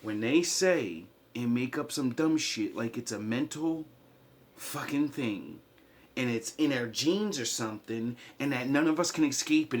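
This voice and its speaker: A man in a rambling, impassioned vlog monologue, swinging from quiet mutters to loud outbursts. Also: mid-range voice. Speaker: vlogger.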